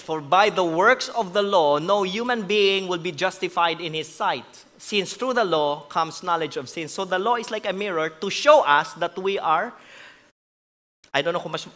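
A man's voice: a little high, fairly bright tone, in a large hall. A man with a Filipino accent preaching a sermon as pastor, switching between English and Tagalog in a conversational, joking way. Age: adult with a grown son. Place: large church hall.

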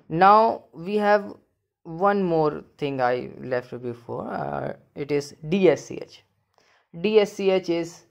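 Slow, low-voiced woman teaching sounds. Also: creaky, dull audio. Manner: slow, repeats each sound several times, casual non-native English with fillers. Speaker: language teacher. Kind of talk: spoken language lesson.

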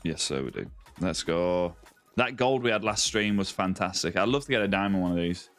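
A man's voice: low voice, expressive, brisk, a bit bright, soft background music. A man with a Lancashire accent live-streaming a game, bantering and greeting viewers by name. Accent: Lancashire English. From northwest England, Lancashire near Yorkshire.

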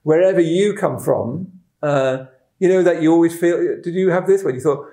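A man's voice: fairly high pitch, moderate pace, mellow, echoey room. A man from the West Midlands, giving a rambling, self-deprecating dharma talk full of fillers and restarts. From West Midlands, England. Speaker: Buddhist teacher.

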